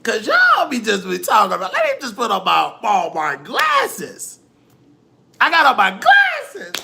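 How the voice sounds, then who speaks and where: A man's voice: sits high, wildly swooping pitch, normal speed, vocal fry, bright, forceful tone, slight background noise. A man hosting a livestream, ranting dramatically and preachily, often crying and quoting scripture. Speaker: livestream host. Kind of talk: emotional livestream rant.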